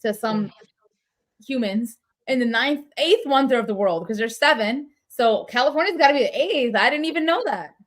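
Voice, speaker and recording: A woman's voice: on the high side, expressive, normal speed. Chatty woman podcast co-host. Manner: chatty, sarcastic asides, laughs often. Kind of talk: casual chat.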